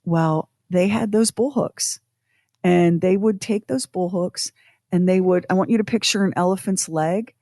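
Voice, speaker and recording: A woman co-hosting a podcast, telling a personal story in an animated, self-deprecating way with acted-out quotes. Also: lowish voice, unhurried, no echo, studio quality. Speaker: podcast co-host.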